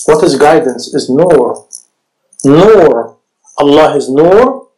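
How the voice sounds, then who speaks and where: Animated male preacher. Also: on the high side, slow pace, low-quality recording. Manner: animated, rising to shouts, rhetorical questions to the audience. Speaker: Islamic preacher. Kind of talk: sermon.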